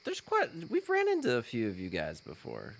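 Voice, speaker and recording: A man's voice: medium pitch, wildly swooping pitch, normal speed. A man playing a tabletop game, asking questions with some hesitation. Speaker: player.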